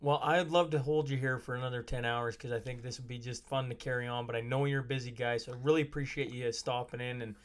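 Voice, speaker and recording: A man's voice: medium pitch, steady tone, fast, hardly any pauses. A man hosting a podcast, asking easygoing, friendly questions in a casual interview. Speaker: podcast host.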